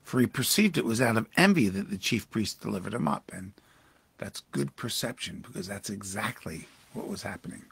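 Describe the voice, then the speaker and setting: A man with a gravelly, slightly husky voice teaches scripture as a pastor, reading passages aloud and then pausing to explain them. His delivery jumps to sudden emphatic highs before settling back down. The sound is close and dry, with no room around it. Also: expressive, no room sound. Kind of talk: devotional Bible teaching. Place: church livestream.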